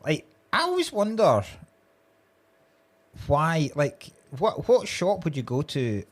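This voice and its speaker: A man's voice: on the high side, slow. A Scottish man co-hosting a podcast, retelling stories in casual chat with big laughs. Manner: animated retelling, laughs hard. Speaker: podcast co-host.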